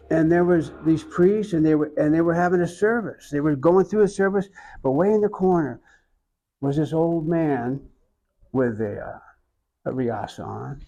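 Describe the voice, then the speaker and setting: An older man with an Oklahoma accent, an interviewee who tells his story slowly and reflectively, with many pauses. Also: fairly high pitch, creaky, darkish tone, rough recording. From Oklahoma, USA. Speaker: interviewee, iconographer.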